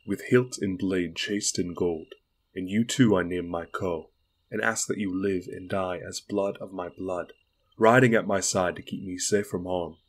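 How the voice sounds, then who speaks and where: A man reading the part of a resolute, commanding young queen in an audiobook, speaking in measured, solemn declarations. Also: fairly even intonation. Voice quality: low and husky.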